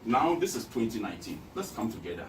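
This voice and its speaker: A man's voice: on the low side, big pitch swings, fast talker. A man from Ghana talking emphatically as an interview guest, repeating his points like a campaigner. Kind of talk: casual interview talk. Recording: echoey room, distant mic, noisy.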